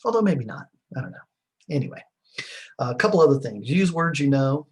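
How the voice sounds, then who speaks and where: A man's voice: medium pitch, sing-song, fairly quick, darkish tone, breathy edge, low-quality recording. A middle-aged man giving a recorded class lecture in a rambling, conversational way, with many fillers and restarts. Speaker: teacher.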